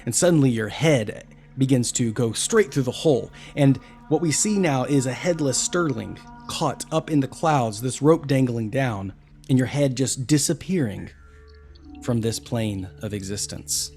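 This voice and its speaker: A man's voice: mid-range voice, expressive, a little slow, a little mellow, faint music behind. Man narrating as game master. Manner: theatrical, descriptive narration.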